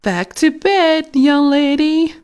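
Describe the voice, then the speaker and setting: A woman voicing a firm, impatient mother in a storybook, calling out loud commands. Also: high voice, expressive, takes it slowly, pitched above the performer's own voice. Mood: stern.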